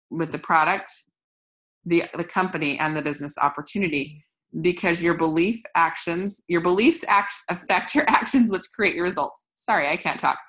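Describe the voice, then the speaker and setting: A woman in her thirties giving a casual motivational training talk to her sales team, chatty and quick to restart her sentences. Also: sits low, sharp tone, rough recording. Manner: chatty, restarts often, laughs at own slips. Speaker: network marketing team leader. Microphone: phone.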